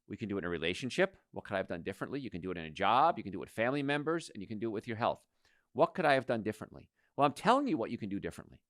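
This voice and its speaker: A man in his sixties hosting a radio health talk show, emphatic and animated, rattling off lists. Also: medium pitch, dry recording, clean studio sound.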